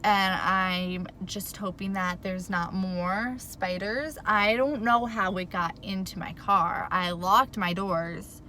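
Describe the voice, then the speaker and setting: Worked-up woman vlogging from her car, bright voice, rambly, says like a lot, faint hum behind. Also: medium pitch, steady tone, slow, hardly any pauses. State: flustered and worked up. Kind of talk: casual storytime vlog.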